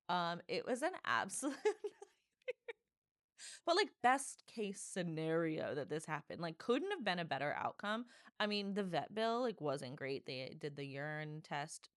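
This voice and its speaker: A woman hosting her own podcast, telling a story in a casual, animated way, full of "like" and dramatic asides. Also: on the low side, clean tone, no room sound, studio quality. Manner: animated, dramatic, filler-heavy with lots of "like". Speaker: podcast host.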